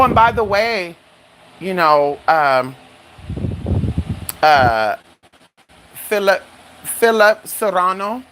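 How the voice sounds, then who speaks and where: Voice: a bit bright, slight background noise, rough recording. Sassy, flamboyant live-streamer chatting. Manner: sassy and flamboyant, calls listeners honey and girl; swoops high for dramatic exclamations. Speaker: livestreamer. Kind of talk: casual live-stream chat.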